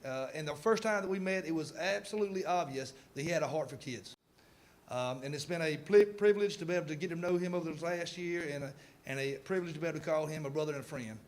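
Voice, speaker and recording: A man, a student pastor, giving a public presentation in rapid-fire, auctioneer-like talk. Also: on the high side.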